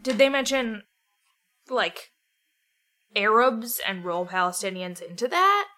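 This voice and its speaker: Bright, blunt young woman host. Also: a little high, animated, slow. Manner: blunt, frank, swears freely. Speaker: podcast co-host, interviewer. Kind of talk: casual podcast conversation.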